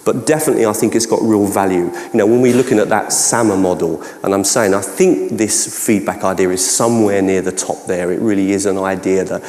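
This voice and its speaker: A man's voice: on the low side, brisk, hardly any pauses, darkish tone. A man with a Cockney accent, a keynote speaker, answering audience questions at length with many restarts and hedges, recorded in a large conference hall. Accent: London Cockney. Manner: rambling, frequent restarts and hedges. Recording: echoey hall, long reverb.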